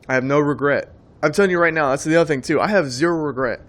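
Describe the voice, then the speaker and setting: A man preaches in a plain, mid-pitched voice. He talks emphatically and loosely, circling back and repeating phrases as he builds his point. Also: very fast, few pauses. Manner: emphatic, rambling, repeats words. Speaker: Christian speaker. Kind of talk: preaching monologue.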